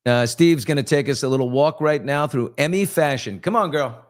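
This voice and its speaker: A man's voice: medium pitch, normal speed, slight background noise. A man hosting a casual morning chat show, gossiping about celebrities in a chatty, loose way. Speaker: host.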